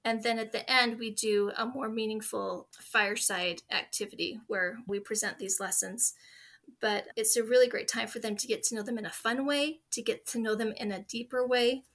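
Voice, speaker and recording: A woman in her forties speaks as an interview guest, sharing stories in an earnest, heartfelt way. Her voice sits a little high with a very bright, clear tone. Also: fairly even intonation, moderate pace. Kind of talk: conversational interview.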